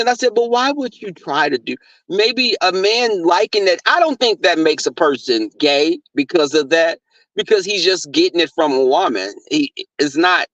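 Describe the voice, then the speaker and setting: High-voiced brash young man gossiping. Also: fairly bright tone, dry recording. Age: 20s. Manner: brash, profane, gossipy storytelling. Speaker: livestream host reading chat. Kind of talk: casual livestream chat. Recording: dull lo-fi dry sound.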